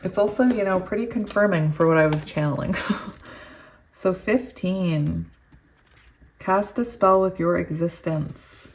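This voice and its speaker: A woman tarot reader reading oracle card texts slowly and soothingly, breaking into giddy, laughing asides. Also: lowish voice. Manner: giddy and excitable, laughs often. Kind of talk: reading oracle cards aloud with chatty asides.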